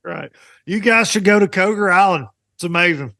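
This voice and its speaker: Male podcast host, animated storyteller, high voice, dry close sound. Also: moderate pace, creaky, dry recording. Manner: animated storyteller, acts out quotes. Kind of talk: casual chat.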